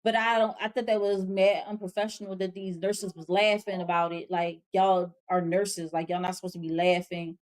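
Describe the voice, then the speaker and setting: A woman's voice: lowish voice, little pitch movement, normal speed, hardly any pauses, a little mellow. A woman hosting a casual review of a TV show, recapping scenes in a chatty, slangy way with frank, exasperated asides. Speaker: host.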